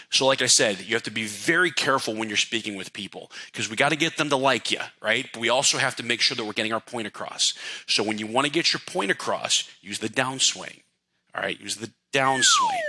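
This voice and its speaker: A middle-aged man coaching real estate agents in a casual talk, animated and checking that listeners follow along. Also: mid-range voice, rough recording. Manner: animated, demonstrates voice upswings and downswings, asks the audience to follow.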